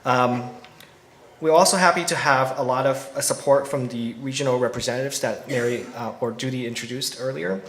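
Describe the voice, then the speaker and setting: A man's voice: medium pitch, steady tone, fairly quick, fairly bright tone. A man speaking at a ceremony for a housing developer, hesitant with many ums. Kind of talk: ceremony speech, emcee. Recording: echoey outdoor event with faint crowd.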